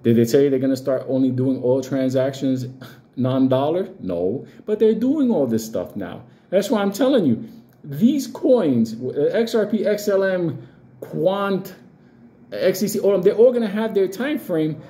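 Blunt, profane man with a mellow voice. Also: fairly high pitch, animated, normal speed. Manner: blunt, profane, hammering rhetorical questions. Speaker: crypto commentator. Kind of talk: casual crypto commentary.

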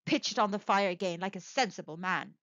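A woman voicing a solemn old male soldier who speaks gruffly and gravely. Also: mid-range voice, brisk, fairly bright tone, dry recording, close to an everyday voice. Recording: dull dry recording.

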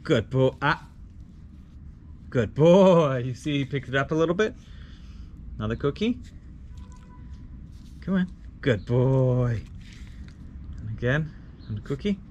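A man, a dog trainer, explaining his method while giving gentle short commands and praise. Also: mid-range voice, expressive, a little slow, pauses often, lo-fi sound, a little hiss or hum.

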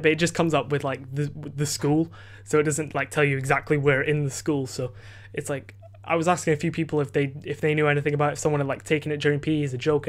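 A teenage boy hosting his podcast, telling a story in a rambling casual way, full of fillers and restarts and casual swearing. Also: a little high. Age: teens. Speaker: podcast host. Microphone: desk microphone.

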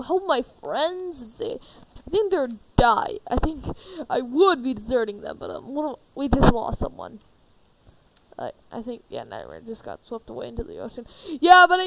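A woman's voice: high-pitched, vocal fry, no room sound, exaggerated voice, rough recording. A woman voicing a jumpy, easily flustered young male animatronic leader who stammers, for a fan machinima. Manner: stammering, quick outbursts and exclamations.

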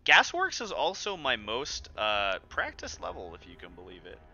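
A man's voice: mid-range voice, wildly swooping pitch, normal speed, bright, forceful tone, highs cut off. A man streaming a game speedrun, chatting casually to viewers with self-deprecating, sarcastic frustration.

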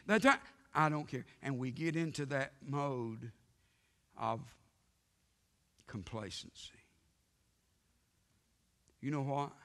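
Male pastor, fiery sermon, gravelly voice, bright and forceful, long church reverb. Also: medium pitch, slow, pauses often. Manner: emphatic preaching, swinging from loud to hushed, with frequent amens. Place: church sanctuary. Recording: reverberant church sanctuary broadcast.

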